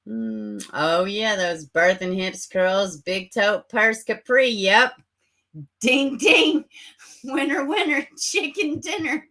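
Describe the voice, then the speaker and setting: Lively bright-voiced woman livestreaming. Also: medium pitch, takes it slowly. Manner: sarcastic, animated, swears and laughs often. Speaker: livestream host. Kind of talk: casual livestream chat reading comments. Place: home, close to a webcam. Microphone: camera mic.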